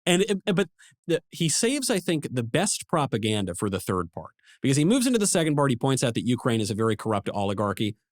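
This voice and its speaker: Lively-voiced male podcast host. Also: mid-range voice, fast talker, no room sound, studio quality. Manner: agreeable, interjects short affirmations. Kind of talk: political talk.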